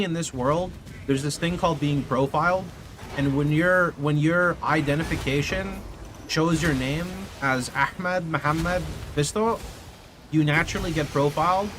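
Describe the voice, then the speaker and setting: A young man streaming from his home setup, telling a rambling, animated story to his live chat and swearing casually into a studio mic. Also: on the high side, noisy background. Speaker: video game streamer. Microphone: condenser studio mic.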